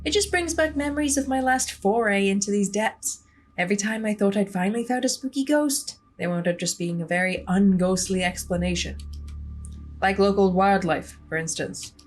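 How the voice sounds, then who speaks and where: A woman's voice: medium pitch, normal speed, soft background music, natural voice. A woman voicing an unbothered young ghost hunter in a game, speaking in a breezy, teasing way close to her own voice.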